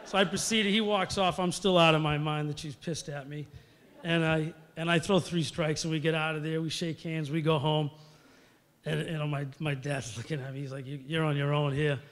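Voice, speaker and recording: A man's voice: fairly high pitch, fairly even intonation, moderate pace, fairly bright tone. Middle-aged man telling stories at a podium. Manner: rambling, storytelling, many fillers. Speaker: hall of fame inductee. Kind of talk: acceptance speech. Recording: long reverb of a large hall.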